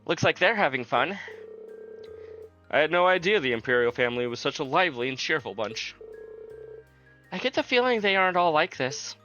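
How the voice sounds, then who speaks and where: A man's voice: on the high side, sing-song, brisk, pauses often, pushed and bright, dull audio, faint music behind. A man reading the part of a modest, level-headed young male student in plain game dialogue.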